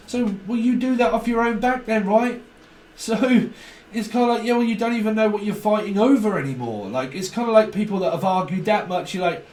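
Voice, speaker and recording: Brief: lively high-voiced man, tarot reader, acts out quarrels, roomy distant sound. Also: normal speed, slight background noise. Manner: animated, acts out both sides of arguments, swears casually. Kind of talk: casual tarot reading monologue. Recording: echoey room, voice off-mic.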